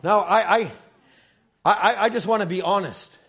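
A middle-aged male preacher giving a sermon, often stammering over his starts and building up to shouted lines. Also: high-pitched, moderate pace. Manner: stammering restarts, rising to shouts.

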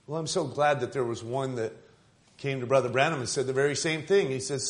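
A man preaching a fervent sermon, retelling stories and building to loud exclamations. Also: mid-range voice, quick pace. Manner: fervent, rising to shouts, quoting and laughing.

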